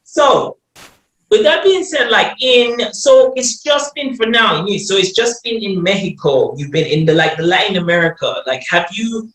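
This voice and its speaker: Chill guy hosting a chat, rambles with fillers, kinda high voice, echoey room. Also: animated, moderate pace, a bit bright. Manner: easygoing, rambling with many fillers. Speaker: host. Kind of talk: casual interview chat. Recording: roomy echo.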